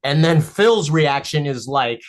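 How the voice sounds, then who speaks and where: Guest cartoonist, animated and emphatic storyteller, mid-range voice, home setting. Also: mid-range voice, measured pace. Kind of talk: casual podcast conversation.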